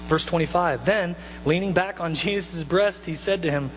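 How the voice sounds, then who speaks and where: A male pastor with a high voice delivers a casual, animated sermon full of asides and quick restarts. His voice rings out through a reverberant church hall, with a faint mains hum underneath. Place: church sanctuary.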